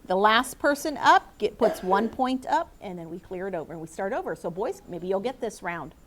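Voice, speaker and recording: A middle-aged woman teaching a classroom lesson, speaking clearly and encouragingly as she calls on students by name. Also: mid-range voice, expressive, moderate pace, crowd noise.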